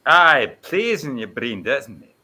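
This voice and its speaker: A man from the Netherlands chatting casually on a stream, rambling and joking with big swings in pitch. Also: big pitch swings, takes it slowly, pushed and bright. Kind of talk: casual chat.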